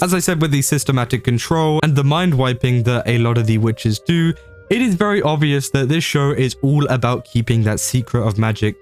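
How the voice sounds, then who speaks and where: A man presenting an anime video essay in a casual, conversational manner, with frequent fillers. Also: medium pitch.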